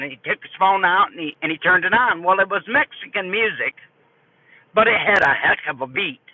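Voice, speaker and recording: An older woman streaming live, telling a story to her chat in an animated, folksy way. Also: mid-range voice, a little fast. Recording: tinny phone-like dry audio.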